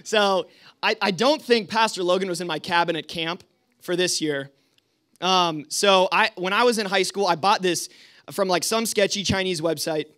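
A man's voice: high-pitched, moderate pace, pushed and bright. A young man leading a youth group, telling stories in a casual, rambling way with lots of fillers. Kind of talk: storytelling talk to a youth group.

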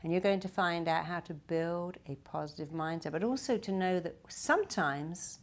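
A woman's voice: lowish voice, normal speed, few pauses. An older woman giving a direct-to-camera self-help talk, acting out quoted voices in short bursts. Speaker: therapist and self-help speaker.

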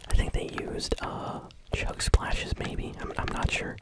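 A gaming channel host giving whispered ASMR gameplay commentary, chewing bubblegum while talking, relaxed and unhurried with small hesitations, close to the microphone. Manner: soft whisper throughout.

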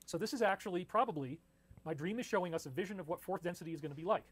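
A man's voice: high-pitched, rapid-fire, a crowd in the background. A man reading his old writing aloud to an audience and commenting on it in an earnest, storytelling way.

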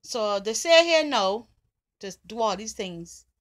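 Barbadian lady, slow deliberate casual chat, kinda high voice. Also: lively intonation. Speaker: vlogger. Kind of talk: casual accent challenge talk.

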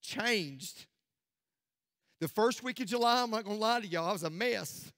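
Pastor, high tenor, dry close sound; preaches hard, then drops to a near-whisper for emphasis. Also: male voice, normal speed, no echo. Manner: impassioned preaching that swings from loud declarations to hushed near-whispers. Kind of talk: sermon. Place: church sanctuary.

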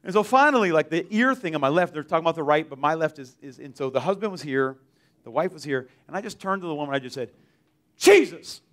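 A man's voice: a little high, lively intonation, quick pace, a bit bright. A man giving a casual, rambling testimony at a church service, full of "like"s and restarts. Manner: rambling, filler-heavy, many "like"s and restarts. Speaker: mission trip team member giving testimony.

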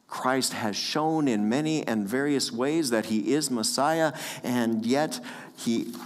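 Male pastor, earnest sermon delivery, slow, long church reverb. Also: medium pitch. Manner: earnest, with light chuckles and repeated phrases. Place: church sanctuary.

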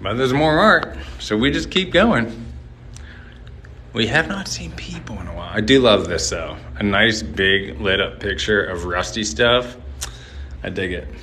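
A man with a lowish, animated voice speaks a little slowly while livestreaming his walk through a large hotel. Captured on a handheld phone with faint background hum, he sounds bright and forward, addressing viewers in a loose, jokey, rambling way.

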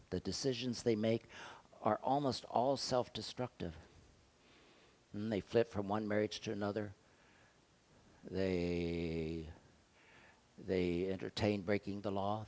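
An older pastor with a lowish voice preaches conversationally, posing rhetorical questions to the congregation and swinging between loud and soft.

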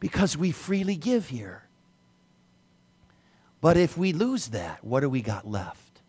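Middle-aged man, high-pitched pastor delivering a sermon with soft-to-loud swings. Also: sing-song, slow, slightly rough. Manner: preaching with swings between soft and loud emphasis.

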